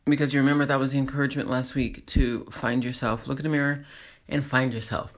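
A woman's voice: rumbling low, flat delivery, fast. A woman hosting a casual, rambling motivational monologue, laughing at herself as she encourages listeners. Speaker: host.

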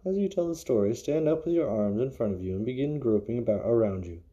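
A man hosting an unscripted podcast, reading stories and musing casually, his voice sinking low and quiet at the ends of phrases. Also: lively intonation, fast talker, slightly rough, dull audio. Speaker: podcast host.

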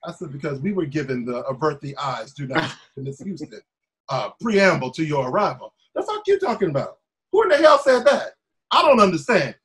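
Brief: high-pitched man, lively storyteller in casual talk. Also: a little fast, breathy edge. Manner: animated storyteller acting out quotes. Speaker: former music TV staffer telling stories.

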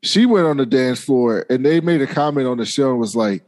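A man's voice: mid-range voice, expressive, fairly quick, a little mellow. Laid-back man hosting a video-call chat. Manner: laid-back, profane, laughs often. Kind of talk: casual chat recapping a TV episode.

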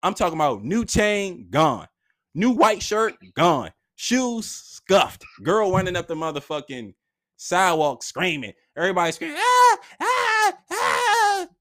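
A man's voice: high voice, sing-song, moderate pace, fairly bright tone. A man telling a story from his own life in casual, slangy talk, acting out the voices of the people in it.

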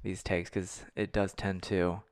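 A man with a low, level voice speaks a little slowly, his tone clear and resonant, captured in a dry, clean studio recording. He's co-hosting a podcast, chatting casually while teasing playfully and laughing often.

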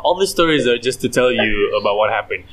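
A man's voice: medium pitch, lively intonation, fast, fairly bright tone. A man co-hosting a casual podcast chat. He rambles through jokes and tangents, laughing often, in an ordinary mid-range voice. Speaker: podcast co-host.

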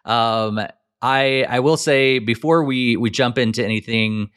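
A man's voice: medium pitch, measured pace, fairly bright tone, smooth. A man hosting a podcast, chatting casually, rambling with fillers before asking his co-host questions. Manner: rambling, many fillers and restarts, asks questions.

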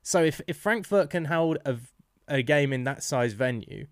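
A man's voice: fairly high pitch, expressive, moderate pace, smooth, no room sound, clean studio sound. A man hosting a podcast, talkative and joking, teasing his guest in casual chat. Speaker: podcast host.

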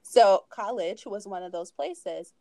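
A woman in her thirties, appearing as a podcast guest, tells her personal story in a mellow, warm, expressive voice of medium pitch with some creakiness. She takes it slowly, keeping things conversational with asides and light laughter, in a close, dry recording without echo or room sound.

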